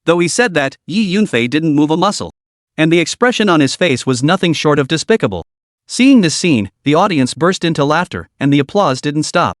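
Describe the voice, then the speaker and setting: Lively man narrating a recap story. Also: a little high, brisk, no room sound, studio quality.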